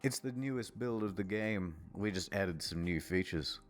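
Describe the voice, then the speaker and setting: A man's voice: fairly low pitch, moderate pace, faint music behind, natural voice. A man voicing a bashful male game developer in a fan fiction, in a chirpy raised voice. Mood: eager.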